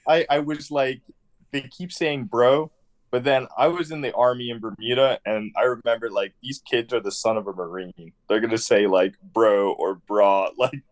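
A man's voice: medium pitch, steady tone, normal speed, low-quality recording. A young man chatting casually about a movie, laughing between phrases and saying "bro". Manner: chuckling, says dude and bro. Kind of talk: casual movie review chat.

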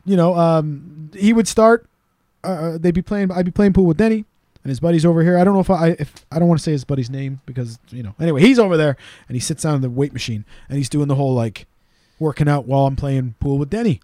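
A man telling stories in a casual, animated way as a podcast co-host, now and then doing quick voices of the people he quotes. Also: a little high, no room sound, studio quality. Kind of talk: casual storytelling chat.

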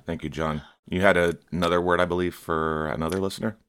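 A man hosting a podcast, telling a personal testimony in a halting, reflective way with many fillers. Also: sits low, fairly even intonation, fairly bright tone, smooth. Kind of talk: casual testimony chat.

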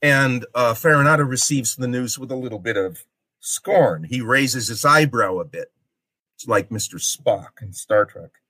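A male lecturer talks slowly and with a bright, forceful tone. He explains step by step and often pauses to check in with "okay?". The recording is dry and close. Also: medium pitch, expressive, no echo. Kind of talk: literature lecture.

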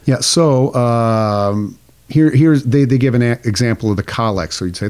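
A man's voice: medium pitch, normal speed, a little mellow, clean tone. A man co-hosting a podcast, explaining liturgical chant step by step and singing short examples. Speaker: podcast co-host. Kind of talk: casual explanatory chat.

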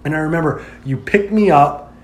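A man in casual chat, telling a story in an animated way, filling his talk with "like" and acting out what people said. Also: fairly high pitch, brisk. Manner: animated storyteller, heavy use of "like", acts out quoted lines. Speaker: podcast guest telling a story.

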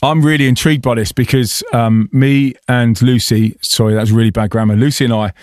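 A man's voice: mid-range voice, fairly even intonation, brisk, a little mellow, no echo. A man hosting a podcast in casual chat, chatty and often laughing, talking from a small insulated studio. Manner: chatty, laughing, filler-heavy. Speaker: podcast host.

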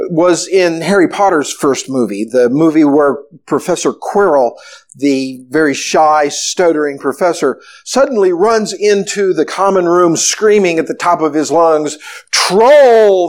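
A man's voice: fairly high pitch, moderate pace. A male pastor preaching a conversational sermon and asking strings of rhetorical questions.

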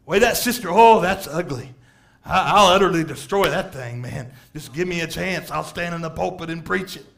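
A smug, self-righteous churchgoer sneers at other people's faults in a low, mocking drawl, as a preacher puts him on. The voice sinks well below the preacher's own and turns quiet and scornful. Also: male voice, normal speed, gravelly. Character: smug judgmental male churchgoer.

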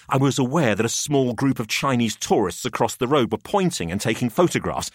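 Expressive male storybook narrator. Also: medium pitch, fairly quick, hardly any pauses, breathy edge, no echo, clean studio sound. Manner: expressive, rising to frantic shouts in dialogue. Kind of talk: first-person storybook narration.

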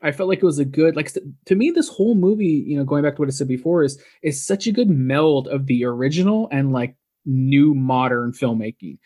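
Male co-host, young, slightly high voice, loose filler-heavy review chat. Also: animated, brisk, few pauses, dark tone. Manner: chatty, filler-heavy, lots of "like" and "you know". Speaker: podcast co-host. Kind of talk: casual movie review chat.

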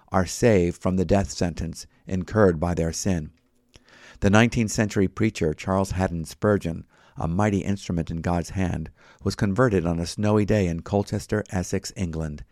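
Very deep-voiced man reading a sermon. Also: darkish tone, dry recording, studio quality. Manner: measured, citing chapter and verse. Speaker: Bible teacher. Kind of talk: read sermon.

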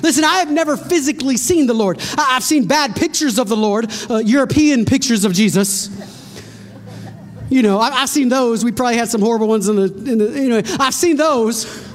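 A woman's voice: a little high, a little fast. A woman preaching a sermon to her congregation, retelling a story dramatically with rhetorical questions and direct address.

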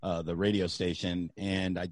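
A man's voice: deep voice, moderate pace, no echo. Profane storytelling man, dry close sound. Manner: profane, animated anecdotes with loud acted-out outbursts. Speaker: comedian and radio host. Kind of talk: casual podcast storytelling.

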